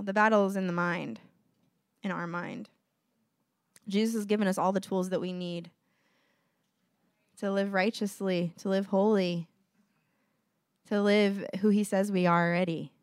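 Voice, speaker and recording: A woman's voice: mid-range voice, no echo, studio quality. A woman giving an informal, earnest sermon, talking conversationally to her listeners and acting out little dialogues. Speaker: preacher.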